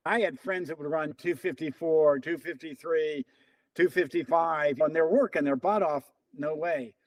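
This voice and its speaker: A man's voice: on the high side, normal speed, no room sound, poor audio. A man around seventy, a former runner interviewed as a guest, telling stories and acting out the lines of the people in them. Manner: animated storyteller who acts out quoted dialogue. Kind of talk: casual storytelling interview.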